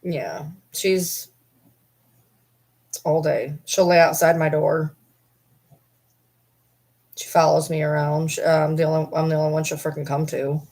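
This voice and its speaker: A woman's voice: sits low, level tone, measured pace, long pauses, a little mellow. A young woman vlogger chatting candidly and rambling with her viewers, swearing now and then. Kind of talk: casual chat.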